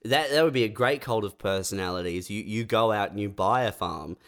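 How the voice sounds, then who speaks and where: Aussie bloke on a comedy podcast, smooth clear voice, rants and laughs, swears heaps. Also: male voice, fairly low pitch, fairly quick, fairly bright tone. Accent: Australian. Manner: ranting, laughs often, swears. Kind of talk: casual comedic chat.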